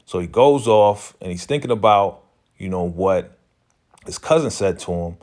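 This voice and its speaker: Chatty low-voiced man recapping a show. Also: expressive, normal speed, darkish tone. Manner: loose and chatty, full of "you know" fillers and slang. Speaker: TV recap channel host. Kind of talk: casual TV episode recap.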